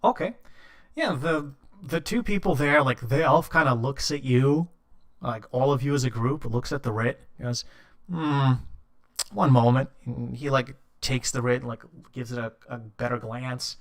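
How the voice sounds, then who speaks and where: A man's voice: medium pitch, fairly even intonation, moderate pace. A man narrating as game master in a tabletop game, casual and full of fillers.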